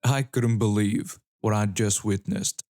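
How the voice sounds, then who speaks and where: A man reading online stories aloud as scripted narration, with an even storytelling delivery. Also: fairly low pitch, unhurried, no room sound, studio quality.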